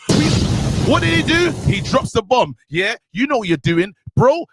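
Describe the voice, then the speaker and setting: Brief: young man, high lively voice, furious podcast rant, dry close sound. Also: a little fast, no room sound. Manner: ranting, worked up, calls out a boxer directly. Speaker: podcast co-host. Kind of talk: heated rant.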